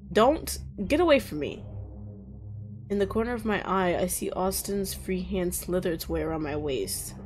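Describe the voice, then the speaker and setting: A woman playing a visual novel, reading its lines aloud and breaking off into loud reactions and laughter. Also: fairly low pitch, moderate pace, faint music behind. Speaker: gaming streamer.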